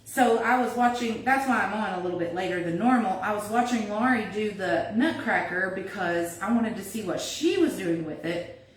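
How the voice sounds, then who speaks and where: A woman's voice: medium pitch, animated, normal speed. Chatty woman crafting in an echoey kitchen. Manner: chatty, thinks aloud, reads viewer comments. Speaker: crafter hosting a livestream. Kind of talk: casual live craft demo, talking while working. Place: home kitchen. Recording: echoey room, mic at a distance, faint noise.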